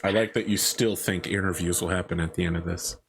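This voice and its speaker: A man hosting a game stream, telling profane stories with lively banter. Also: low-pitched, fast, vocal fry, a little hiss or hum. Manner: animated, profane storytelling, laughing often. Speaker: host.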